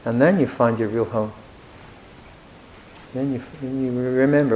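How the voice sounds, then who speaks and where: A man giving a Buddhist dharma talk in a reflective, gently humorous way, with hesitant restarts. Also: medium pitch, steady tone, unhurried, slight background noise, poor audio. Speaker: Buddhist monk teacher.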